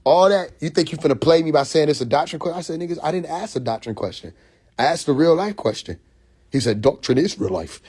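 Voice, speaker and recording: A man's voice: a little high, fast talker, slightly rough. Fired-up man ranting on a livestream. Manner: animated storytelling with repeated restarts and acted quotes; profane, confrontational. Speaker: livestream host. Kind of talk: casual livestream monologue. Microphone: phone mic.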